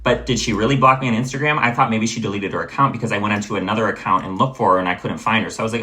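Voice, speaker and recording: Exasperated young man venting, bright-toned. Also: on the low side, racing, hardly any pauses. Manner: exasperated venting, blunt, swears freely. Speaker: vlogger. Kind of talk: storytime vlog rant.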